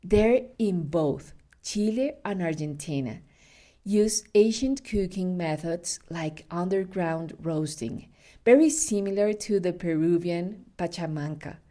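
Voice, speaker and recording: Slow, mellow-voiced woman podcast host. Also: fairly low pitch. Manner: unhurried, chatty storytelling with laughs and self-corrections. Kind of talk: casual food podcast with storytelling.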